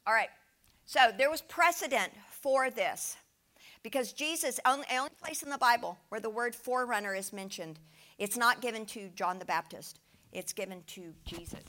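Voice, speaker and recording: A woman delivers a sermon in a bright, tense voice pitched a little high. She is animated and emphatic, and she keeps checking in with her listeners through rhetorical questions. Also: normal speed. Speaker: preacher. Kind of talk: sermon with slides.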